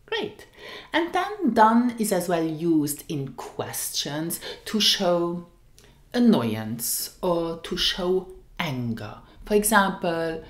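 A woman teaching a language lesson, speaking slowly and carefully and repeating each example phrase. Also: fairly low pitch, big pitch swings, reverberant.

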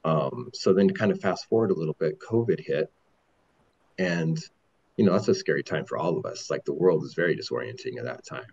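Man, 40s, deep husky voice, candid rambling storyteller with lots of restarts, dull lo-fi sound. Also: a little mellow. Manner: rambling, halting with repeated restarts. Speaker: podcast guest.

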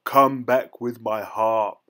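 A man's voice: on the low side, little pitch movement, slow pace. A man voicing a huge, angry, man-eating male giant in a storybook reading, growling and bellowing.

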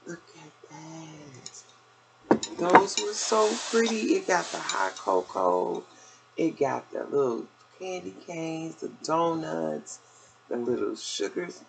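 Older lady showing off her haul, slow gravelly talk, bit out of breath, noisy home recording. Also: deep voice, sing-song. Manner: chatty, down-home, addresses viewers as y'all. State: a little out of breath. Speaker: vlogger. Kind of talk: casual haul video chat.

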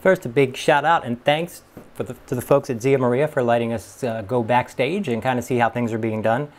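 A man's voice: medium pitch, brisk. A man from New York hosting a casual food review, chatty and rambling with many fillers. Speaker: host. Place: pizza restaurant in a city. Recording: noisy city background.

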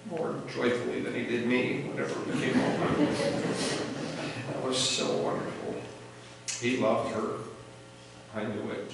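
A man's voice: medium pitch, vocal fry. A middle-aged man giving an earnest, reflective funeral eulogy for a family member, with light laughter. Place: funeral chapel. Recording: echoey hall from far off, noisy.

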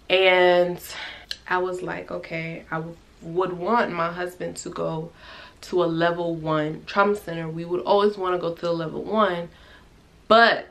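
A young woman vlogger telling a personal story in a chatty, animated way, with restarts and quoted dialogue. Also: on the low side. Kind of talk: casual storytelling vlog.

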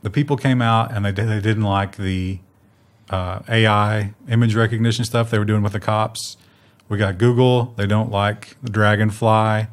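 A man co-hosting a casual tech news show, bantering with quick jokes and mock corporate voices. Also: lowish voice, steady tone.

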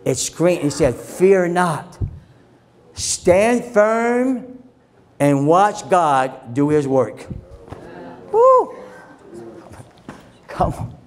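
A man with a high-pitched voice preaching a sermon with fire. He moves from quiet, low asides up to shouted exhortations and leads the crowd in call and response. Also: animated, drawn-out words. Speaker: pastor.

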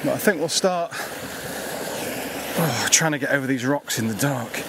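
A man talks his way across a rocky coastline in a loose, rambling way, full of ums and wry self-deprecation. He is short of breath from the climbing. The outdoor recording carries a clear wash of background noise. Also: mid-range voice, normal speed. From England. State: out of breath from scrambling. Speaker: podcast host. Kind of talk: casual outdoor fishing commentary.

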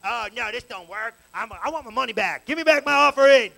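A male preacher voicing an angry, broke churchgoer loudly demanding his offering back. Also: sits high, a little fast, gravelly, heavily acted. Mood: indignant. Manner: loud, indignant, repetitive demands. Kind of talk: sermon impression of a congregant.

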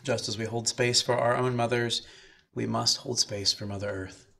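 A man minister leading a slow, soothing guided meditation with breathing cues, then speaking to a chapel congregation. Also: medium pitch, fairly even intonation, vocal fry, a bit bright.

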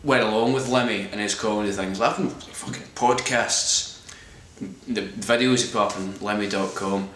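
A man's voice: lowish voice, fairly even intonation, normal speed, fairly bright tone. A man ranting in a sweary, exasperated vlog monologue. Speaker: vlogger reviewing a comedy show. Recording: echoey room.

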